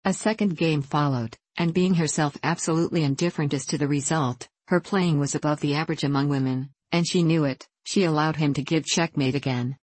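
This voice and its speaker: Low-voiced woman reading a novel. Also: steady tone, fairly quick, hardly any pauses, a little mellow, dry recording, rough recording. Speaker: audiobook narrator. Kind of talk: scripted narration.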